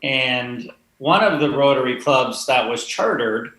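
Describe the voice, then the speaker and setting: A man's voice: mid-range voice, expressive, a little slow, bright, forceful tone, roomy sound, low-quality recording. A man offering formal congratulations at a conference. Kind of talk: congratulatory remarks.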